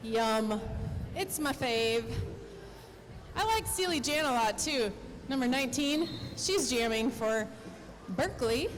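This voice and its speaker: A woman co-calling a roller derby bout live, chatty and quick with quips. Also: fairly high pitch, expressive, slight background noise, low-quality recording. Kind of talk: live sports commentary.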